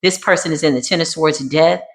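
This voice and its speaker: A woman giving a dramatic tarot card reading in a sassy way, dropping to a hush and then rising to emphatic bursts. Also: deep voice, brisk. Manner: sassy, dramatic, swings between hushed and emphatic. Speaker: tarot reader.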